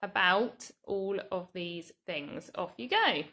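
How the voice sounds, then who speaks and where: An English woman, a primary school teacher, giving a recorded grammar lesson to young children in a slow, clear, patient way. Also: mid-range voice, expressive, bright, forceful tone. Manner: slow, clear, patient explaining with drawn-out example words.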